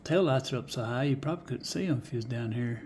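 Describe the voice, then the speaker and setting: A man's voice: mid-range voice, fast, a little mellow, slight background noise. A man showing off die-cast cars in a casual vlog, folksy and musing aloud, often dropping to a whisper. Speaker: die-cast car collector showing finds. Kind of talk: casual show-and-tell vlog.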